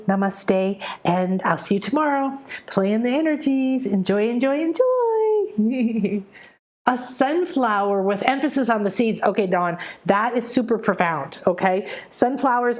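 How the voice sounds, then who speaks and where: A middle-aged woman hosting a live spiritual guidance session, talking casually to viewers and swinging between quick excited bursts and slow soft stretches. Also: fairly high pitch.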